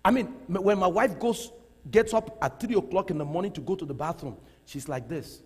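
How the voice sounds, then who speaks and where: A middle-aged man preaching a sermon in a church hall. He talks in an animated way, laughs often and repeats phrases for emphasis. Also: sits high, a little fast, husky. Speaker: pastor. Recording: long reverb of a large hall.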